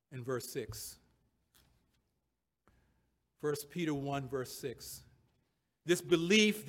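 Guy preaching a sermon, kinda high pitched, reads verses then hammers the point. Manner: reads scripture aloud, rising to emphatic peaks; repeats verse references and key phrases.

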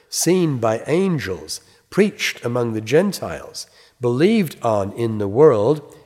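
A man preaching a sermon, reading scripture slowly and with emphasis, then explaining it in a plain, conversational way. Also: on the low side, darkish tone. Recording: long reverb.

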